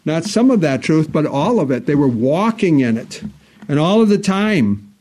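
A man preaching a sermon in a church, earnest, his voice swelling on key phrases and dropping low and slow for solemn parts. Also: big pitch swings, a little mellow. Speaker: pastor.

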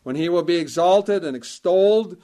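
A man preaching a sermon in a measured, emphatic way, repeating key phrases for weight. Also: high voice, dark tone.

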